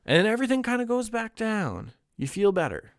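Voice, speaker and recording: A man's voice: high-pitched, huge pitch swings, brisk, no room sound, clean studio sound. A young man chatting casually on a livestream, candid and rambling, swearing now and then and laughing often. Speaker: streamer.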